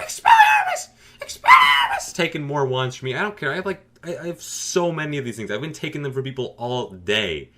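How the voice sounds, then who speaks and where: A man narrating a comedic story in a deadpan, sarcastic, boastful way. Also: mid-range voice, a little hiss or hum. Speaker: gaming storyteller.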